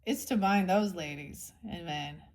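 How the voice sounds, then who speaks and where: A woman's voice: fairly low pitch, unhurried. A woman giving a casual tarot reading to her viewers, blunt and mocking, with frequent swearing. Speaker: tarot reader.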